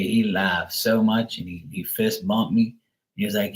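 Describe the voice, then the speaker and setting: Man, middle-aged, slightly low voice, live-stream host, casual rambling chat, profane, blunt, lots of fillers. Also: flat delivery, moderate pace, poor audio. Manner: acts out quoted people in raised voices.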